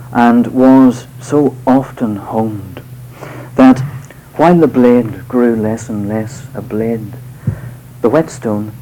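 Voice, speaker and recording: A man giving a live poetry reading to an audience, delivering verse in a measured, unhurried way with hesitant spoken asides between poems. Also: mid-range voice, dark tone, a little hiss or hum, low-quality recording. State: voice slightly off tonight.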